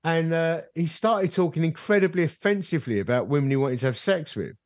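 A man's voice: fairly high pitch, brisk, no room sound, studio quality. A middle-aged man, a guest on a podcast, telling a personal story in casual conversation and acting out the dialogue. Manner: animated storyteller who acts out dialogue. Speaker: podcast guest, ministry leader. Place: bar.

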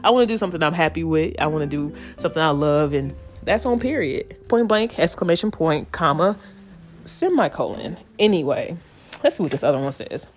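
Slangy, animated woman podcaster, low voice. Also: fairly quick, faint music behind. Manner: loose, slangy and animated, breaks into playful impressions. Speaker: podcast host. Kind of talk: casual solo podcast chat.

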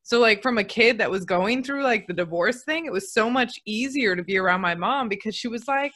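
Young woman host with a bright, forceful voice, chatty and quick to laugh. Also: on the high side, lively intonation. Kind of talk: casual conversation.

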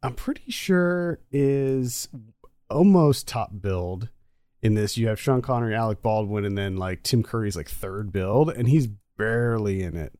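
A man co-hosting a casual movie review chat, talkative and quick to laugh. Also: fairly low pitch, expressive, a little mellow, no room sound, studio quality. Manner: chatty, laughs easily. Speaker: podcast co-host.

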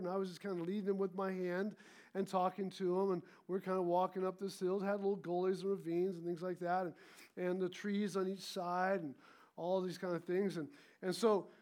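Male pastor, high voice, storytelling sermon with call-and-response. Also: a little mellow. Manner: storytelling, calls for congregation responses.

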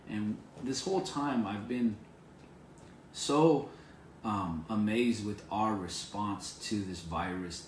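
A man's voice: fairly low pitch, roomy sound, a little hiss or hum. A man preaching an informal devotional sermon to viewers on camera, earnest and encouraging, repeating his phrases. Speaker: pastor.

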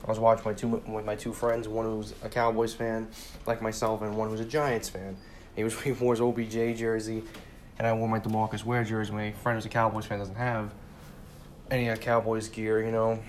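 A man's voice: lowish voice, level tone, a little fast, slight background noise. A twenty-year-old man ranting casually about a football game, heated, swearing often and repeating himself as he rambles. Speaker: sports fan vlogger.

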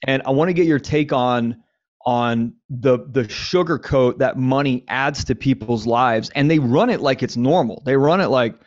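Host: man, candid and animated, some swearing, mid-pitched, dull lo-fi recording. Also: normal speed. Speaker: podcast host. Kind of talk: casual conversation on men's lives. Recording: slightly dull lo-fi audio.

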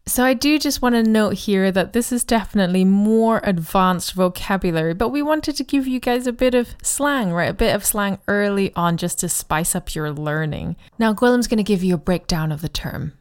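A woman co-hosting a podcast language lesson, explaining grammar in a friendly way and modelling phrases slowly. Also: mid-range voice, expressive, clean tone. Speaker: co-host and Chinese teacher.

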